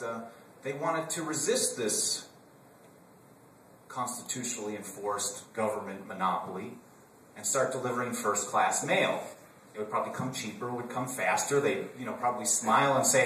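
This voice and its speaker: Speaking at a conference, this Wisconsin man delivers humorous political remarks to a room full of people, keeping it conversational and sprinkling in jokes. His medium-pitched voice sounds pushed and bright. It's captured from afar in a roomy hall with a bit of background noise.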